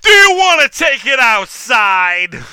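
A man voicing a crude, rowdy male customer who shouts insults, pitched well above his own voice. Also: big pitch swings, takes it slowly, smooth, no room sound, clean studio sound, exaggerated voice.

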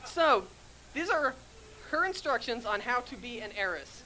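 Woman, comic stage reader, giggly, wry asides, bright tone, fairly high pitch. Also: lively intonation, measured pace, low-quality recording. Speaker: reader at a comedy event. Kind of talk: comic live reading.

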